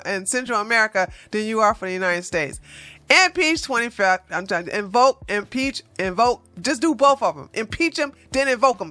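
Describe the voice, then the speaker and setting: A woman's voice: fairly high pitch, expressive, normal speed, bright, forceful tone, no echo. A woman hosting casual political commentary, sarcastic and emphatic, with slangy phrasing.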